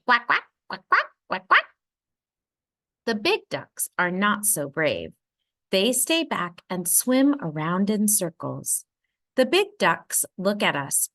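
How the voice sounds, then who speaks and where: A woman reading a children's picture book aloud, expressive and playful with the sound words. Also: medium pitch. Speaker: read-aloud storyteller.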